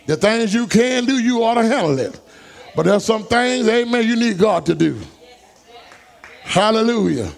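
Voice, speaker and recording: A man preaching a fervent sermon in church, rising into shouts and high whoops. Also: lively intonation, normal speed, gravelly, pauses often. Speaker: pastor. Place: church sanctuary.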